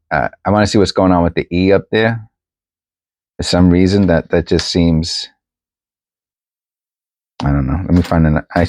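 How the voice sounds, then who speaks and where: Very deep-voiced man rambling about coins. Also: a little mellow, no echo. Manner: rambling, many restarts and fillers, thinking aloud. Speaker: coin collecting vlogger. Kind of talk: casual chat while sorting coins. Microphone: new desk microphone.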